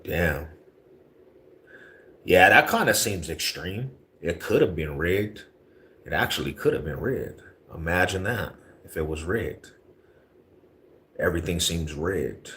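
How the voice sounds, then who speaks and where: A man hosts a casual live stream. He chats in loose slang, answers viewer comments, and gets loud and heated on his rants. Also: sits low, animated, slow, long pauses, slight background noise. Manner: laid-back slangy talk, rising to heated rants. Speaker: livestream host. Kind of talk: casual livestream chat reading viewer comments.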